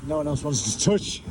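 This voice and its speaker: A man's voice: fairly high pitch, very noisy. A man with a Black Country accent, chatting and joking while removing bees. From Black Country, England. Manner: jokey, banters with slang. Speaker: bee removal worker. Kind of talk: casual chat while working.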